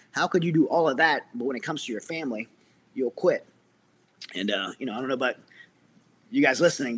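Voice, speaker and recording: A man's voice: medium pitch, a little hiss or hum. A middle-aged man, a military veteran, earnestly telling his personal story as an interview guest, with many restarts.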